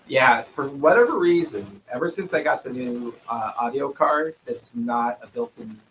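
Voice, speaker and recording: A man's voice: medium pitch, animated, normal speed, fairly bright tone, a little hiss or hum, rough recording. A man running a tabletop game, patiently explaining dice rules and laughing easily. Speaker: game master. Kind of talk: casual tabletop game talk. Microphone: streaming setup mic.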